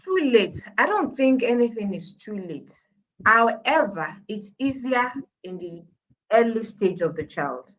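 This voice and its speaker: Middle-aged Nigerian-accented woman, emphatic guest speaker, bright forceful tone. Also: on the high side, very animated, unhurried, slight background noise, rough recording. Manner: emphatic, repeating points for stress. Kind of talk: live-stream talk show discussion.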